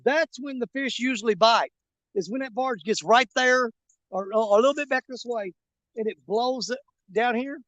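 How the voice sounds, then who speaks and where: A man with a very high-pitched, fairly bright voice talks at a moderate pace, recorded with no room sound. He hosts a fishing channel and chats casually with viewers from outdoors by a river in a live stream, rambling and folksy, joking around and using lots of fillers.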